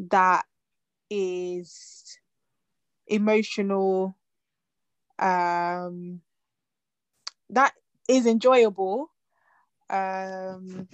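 A woman appearing as a guest on a casual podcast, speaking slowly and thoughtfully with pauses between phrases. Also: medium pitch, no echo. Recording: dry, dull lo-fi sound.

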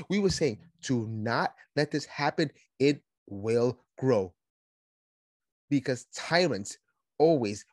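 A man hosting a political podcast, talking in an animated, sarcastic monologue and mocking his opponents. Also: on the high side, no room sound, studio quality. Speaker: podcast host.

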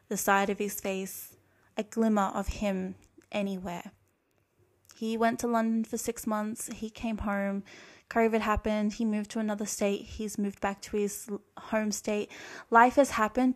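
A woman's voice: medium pitch, darkish tone. A young Australian woman hosting her own show, telling a painful personal story in an earnest, reflective, emotional way. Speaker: podcast host. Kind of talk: confessional storytime monologue.

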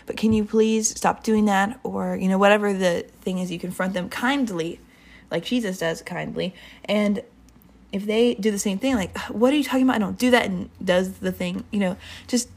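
A woman's voice: mid-range voice, fairly even intonation, normal speed. A woman giving an informal, earnest sermon, casual and rambling, with many fillers and restarts. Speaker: Bible teacher.

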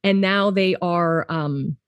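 A woman's voice: lowish voice, takes it slowly, no room sound. A woman hosting a podcast chat, who talks steadily and lays out her points in lists. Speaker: podcast host.

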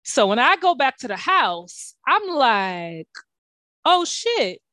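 A young woman with a somewhat high voice tells a story in a casual chat. Her talk is profane and animated, with sudden jumps up in pitch. The recording is dry and close, with no room sound. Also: slow pace, no room sound. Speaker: podcast co-host.

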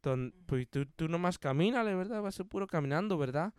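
Older male field worker as a man puts him on, slow, repetitive, question tag on every phrase, low-key and soft. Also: expressive, clean tone, lightly acted. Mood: patient instructing. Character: older Spanish-speaking male field worker who ends every sentence with 'verdad'.

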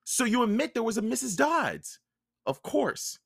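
A man voicing a nervous, touchy young male satyr with a high, hesitant voice. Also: very animated, measured pace, vocal fry, fairly bright tone, slightly rough, no room sound, clean studio sound, heavily acted. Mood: urgent.

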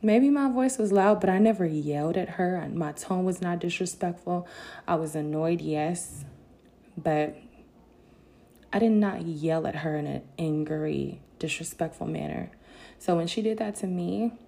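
A woman vlogger telling a candid story time to her viewers, casual and animated, with bursts of indignation. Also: on the low side, creaky.

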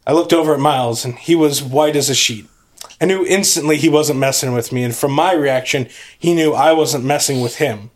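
A man reads a creepy tale aloud for a podcast, leaning into the drama and building suspense line by line. His voice sits a little high for a man. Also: a little fast. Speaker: podcast host reading a story. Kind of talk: dramatic story reading.

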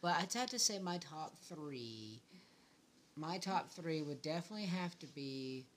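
A man hosting a podcast in casual chat, talking in a relaxed, rambling way with many restarts. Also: on the high side, a little slow, a little hiss or hum. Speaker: podcast host.

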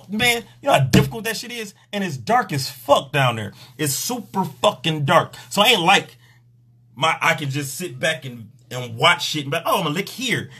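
Crude, joking man with a husky voice. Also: fairly high pitch, fairly bright tone. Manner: crude, joking, acts out quotes. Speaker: live-stream host and sex coach. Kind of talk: casual live-stream chat.

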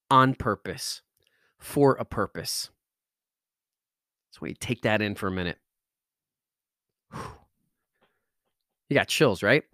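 A man's voice: on the high side, no echo, studio quality. A man hosting a podcast, giving an intense motivational pep talk straight to the listener with repeated urgings that build in energy. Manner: intense, building from calm to fired up; repetitive exhortations, speaks directly to listener. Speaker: podcast host.

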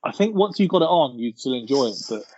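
A man's voice: medium pitch, very animated, quick pace, darkish tone, husky, no room sound, dull audio. A man hosting a casual film podcast, steering through the categories and laughing often. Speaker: podcast host. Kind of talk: casual chat.

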